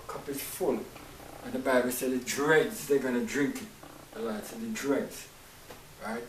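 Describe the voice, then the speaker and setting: A man preaching a sermon with fervor, repeating phrases and swinging between hushed lines and loud cries. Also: medium pitch. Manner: impassioned, repetitive, swings from hushed to shouting. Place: room, streamed service. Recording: roomy sound from a distance with faint noise.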